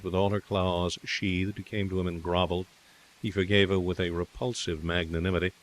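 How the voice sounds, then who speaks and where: A man narrating a classic short story in a steady, measured reading. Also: low-pitched.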